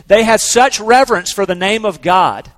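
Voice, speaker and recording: A man preaching a sermon in an earnest, conversational way, slowing down to stress key words. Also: high voice, expressive, fairly bright tone, in a large hall. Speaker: pastor.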